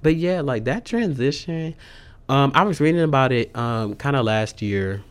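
A man in a casual vlog update, talking excitedly and loosely with many fillers and slang like y'all. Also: mid-range voice, moderate pace, smooth. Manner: says "y'all" and "sis". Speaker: vlogger.

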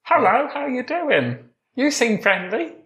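An excitable, naive young lad with a raised, bouncy voice , as an improviser puts him on. His pitch leaps around as he agrees to everything. It's a comic improv bit. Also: unhurried, reverberant, heavily acted. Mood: chirpy. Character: excitable naive young man just out of detention.

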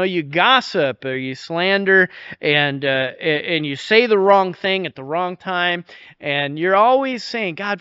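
A man preaching a sermon in a conversational way, often restarting phrases and dropping to a soft, intense hush. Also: sits high, smooth, no room sound, highs cut off. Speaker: pastor.

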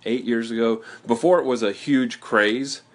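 A man's voice: medium pitch, moderate pace. A man hosting a casual radio talk show, rambling with restarts and joking asides, from the US South.

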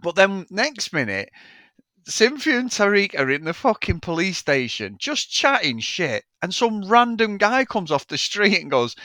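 A man rants happily about a bad action movie, his voice pitched a little high and swinging widely as he talks. He swears constantly and laughs along with his co-host. The sound is close and dry, like a podcast mic. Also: very animated, moderate pace, bright, forceful tone, no room sound. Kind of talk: casual film review chat.

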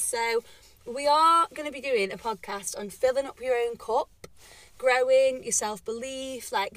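A woman's voice: a little high, a bit bright, no echo. A young woman co-hosting a podcast, chatting casually and giggling often, recorded outdoors. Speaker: podcast co-host. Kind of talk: casual chat. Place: outdoors in a cemetery at sunset.

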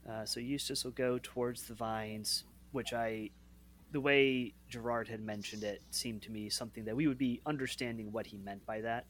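A man's voice: mid-range voice, fairly even intonation, normal speed, a bit bright. A man playing in a tabletop game, talking out of character in a matter-of-fact way. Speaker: player. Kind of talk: casual game talk.

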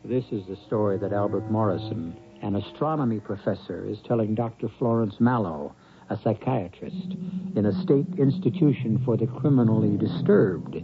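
A man hosting and narrating an old radio mystery with a wry, measured delivery. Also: on the low side. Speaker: host and narrator. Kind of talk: scripted radio drama narration. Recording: tinny old radio broadcast with music.

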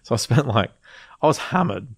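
A man telling a wild story in casual chat, animated, swearing freely and laughing as he goes. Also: mid-range voice, moderate pace, creaky, husky, no room sound, clean studio sound.

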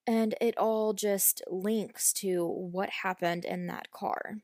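A woman's voice: medium pitch, steady tone, slow pace, darkish tone, no echo, studio quality. A woman hosting a true crime podcast, retelling a case in a chatty, frank and opinionated way, with the odd mild swear. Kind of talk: casual true crime storytelling. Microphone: podcast microphone.

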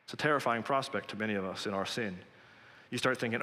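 A man's voice: fairly low pitch, fast talker, bright, forceful tone, long reverb tail. A man preaching a sermon in an earnest, direct and conversational way, speaking straight to his listeners.

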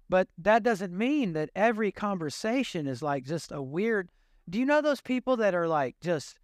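Animated preacher man with a drawl. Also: sits high, no echo, clean studio sound. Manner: animated, self-deprecating, rambling asides. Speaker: pastor. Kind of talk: sermon.

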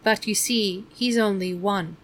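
A woman reading aloud, voicing an ancient, creaky-voiced woman who explains things earnestly and fondly. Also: medium pitch, unhurried, lightly acted. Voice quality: creaky, like an unoiled hinge.

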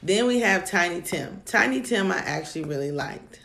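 A woman co-hosting a casual chat about dating, telling stories in an animated way and laughing often. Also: on the low side, normal speed, vocal fry. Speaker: podcast co-host. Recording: echoey room.

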